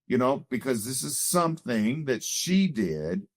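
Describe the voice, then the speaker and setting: A man's voice: medium pitch, very animated, a little slow, no echo. A middle-aged man earnestly telling a personal story in a conversation, reflective and full of "you know" fillers. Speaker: guest telling his marriage story.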